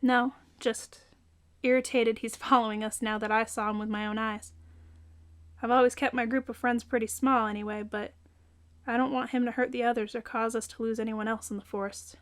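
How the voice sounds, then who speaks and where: A fierce, grieving young heroine with storm powers, as a woman storyteller voices her, sits in brooding quiet and then breaks into shouts. The voice sits fairly high. It is an audiobook read, not a full performance. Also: level tone, moderate pace, natural voice. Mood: somber. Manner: outbursts of yelling between quiet brooding.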